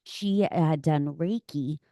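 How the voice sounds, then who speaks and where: A woman's voice: sits low, takes it slowly, mellow, no echo, clean studio sound. A woman hosting a podcast interview, talking in an effusive, emotional way and gushing with praise for her guest. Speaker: podcast host.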